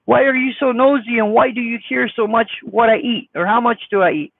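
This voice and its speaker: A man with a squeaky voice, chatting casually on a live stream as he reads viewer comments, blunt, defensive and folksy. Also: a little fast, vocal fry, dry recording. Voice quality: squeaky high voice. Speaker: trucker vlogger reading live chat. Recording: dry, phone-like sound.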